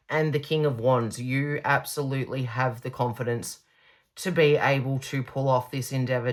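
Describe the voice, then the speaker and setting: A woman giving a pick-a-card tarot reading, gushing and reassuring, stretching out her emphatic words. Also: very deep voice.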